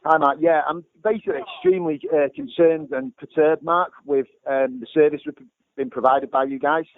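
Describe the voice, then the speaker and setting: A man's voice: fairly high pitch, animated, moderate pace. A man, a small gym owner, complaining bluntly about a phone fault and swearing between calls. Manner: exasperated, heavy swearing, blunt. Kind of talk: phone complaint and ranting asides. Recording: lo-fi phone-like sound with faint music.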